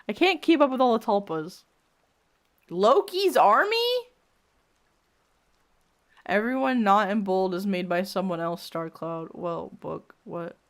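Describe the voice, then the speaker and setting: Woman streamer reading cringey fanfic out loud, slow and giggly, voice all over the place. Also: mid-range voice, animated. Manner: giggly, incredulous asides. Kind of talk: reading fanfic aloud with comedic commentary.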